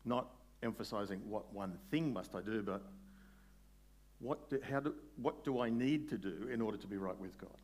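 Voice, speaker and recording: A man preaching a sermon in a conversational way, putting questions to his listeners and slowing down on key words. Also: on the low side, darkish tone. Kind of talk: sermon, Bible exposition.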